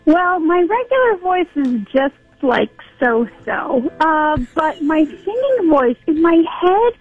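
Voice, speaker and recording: A woman calling a radio show, chatting slowly and mocking herself. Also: high-pitched, big pitch swings, phone-quality sound, faint music behind. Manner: slow, self-deprecating. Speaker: caller. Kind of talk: casual phone-in chat.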